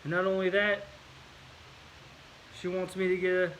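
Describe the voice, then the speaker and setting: A man's voice: high-pitched, completely flat delivery, moderate pace, a bit bright, a little hiss or hum, poor audio. A man telling a casual story to camera in a put-on English accent, rambling with fillers and repeated words. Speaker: vlogger.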